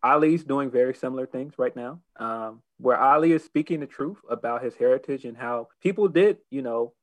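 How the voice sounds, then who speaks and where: Man talking wrestling, hesitant and animated. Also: medium pitch, moderate pace, low-quality recording. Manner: hesitant, many restarts and fillers, animated when opinionated. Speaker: podcast co-host. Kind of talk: casual wrestling discussion.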